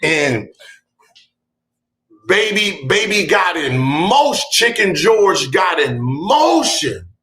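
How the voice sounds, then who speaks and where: A man hosting a podcast, telling a comic story with bursts of laughter, shouted punchlines and mouthed sound effects. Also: high-pitched, sing-song, slow pace, roomy sound. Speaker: podcast host. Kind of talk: comedic storytelling.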